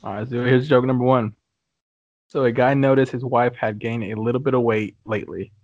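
A man hosting a podcast, reading out dirty jokes in a relaxed, chatty way and chuckling as he goes. The sound is dry and close, a little muffled and lo-fi. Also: medium pitch, fairly quick, dry recording. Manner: laughs through his own punchlines. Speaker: podcast host. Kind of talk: casual podcast chat, telling jokes.

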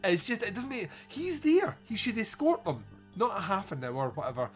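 A man hosting a podcast, chatting casually as he reviews a film, animated and sweary as he mocks its dialogue. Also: high-pitched, brisk, soft background music. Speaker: podcast host.

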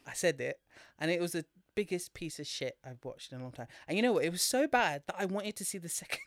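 A speaker, co-hosting a casual podcast and retelling a film in an animated way, laughing often and swearing freely. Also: medium pitch, fast talker, no echo, studio quality. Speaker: podcast co-host.

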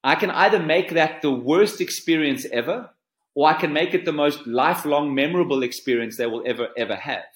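A man's voice: fairly high pitch, fairly quick. A man in his forties, a surf coach being interviewed, telling a story earnestly and often repeating words as he finds them. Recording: roomy echo.

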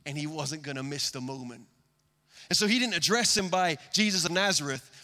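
A man preaches a sermon from a stage in a high, bright voice. He is earnest, swinging between loud emphasis and near-hushed lines. A long hall reverb trails every word. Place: stage before a live congregation.

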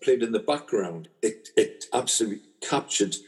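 A man's voice: fairly low pitch, animated, normal speed, a little mellow, husky. A man hosting a casual chat, reflecting conversationally and stammering on his restarts.

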